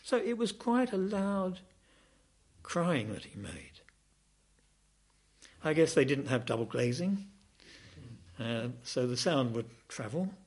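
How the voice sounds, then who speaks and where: Male preacher, fairly high voice, dramatic sermon delivery with big swings in pitch. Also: big pitch swings, slow pace, long pauses, a little mellow. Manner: dramatic, rising and falling emphasis.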